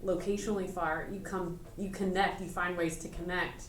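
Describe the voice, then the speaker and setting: A woman's voice: on the low side, flat delivery, moderate pace, a little hiss or hum. A woman co-hosting a podcast in casual chat, rambling and sprinkling her talk with fillers. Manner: rambling, filler-heavy with frequent "like". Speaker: podcast co-host. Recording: roomy, distant mic, faint ambience.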